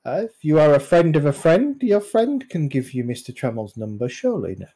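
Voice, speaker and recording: A man's voice: fairly high pitch, sing-song, a little fast, dark tone, husky, full character voice. A man voicing a big, burly male gatekeeper with a Mexican accent, who speaks with stiff, formal courtesy in a tabletop game. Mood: cold polite.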